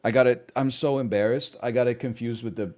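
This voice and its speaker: A man's voice: medium pitch, fairly even intonation, brisk, darkish tone. A young man streaming games, chatting casually in a sarcastic, profane, ranting way. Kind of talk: casual gaming stream chat.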